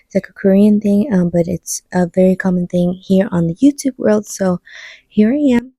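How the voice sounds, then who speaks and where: A woman's voice: mid-range voice, moderate pace, mellow, dry recording. A woman chatting casually to her phone camera as a vlogger, with many "um"s and "like"s. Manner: chatty, lots of fillers like "um" and "like". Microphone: phone camera mic.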